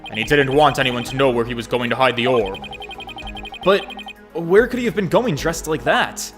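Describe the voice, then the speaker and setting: A young man hosting a game playthrough, reading the hero's lines in an earnest, lively voice that rises and falls a lot. Game music plays steadily underneath. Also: mid-range voice, moderate pace. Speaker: let's play host. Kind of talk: reading game dialogue aloud. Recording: game music playing behind.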